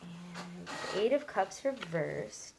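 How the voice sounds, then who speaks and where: A young woman with a lowish voice chats her way through a tarot reading, reassuring her viewers and filling pauses with ums and likes. A faint hiss sits under the recording. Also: expressive, vocal fry. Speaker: tarot reader.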